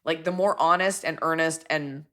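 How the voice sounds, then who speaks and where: A woman comedian in her forties chats loosely about her work and keeps slipping into quick accent impressions as she talks. Her voice sits a little low for a woman. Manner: animated, jumps into quick bits of accents and impressions. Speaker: comedian host answering fan questions. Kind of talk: casual chat.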